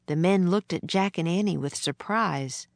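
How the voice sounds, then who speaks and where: A woman audiobook narrator reads a children's chapter book as scripted narration, in a measured storytelling manner. Her voice is on the low side, with no echo.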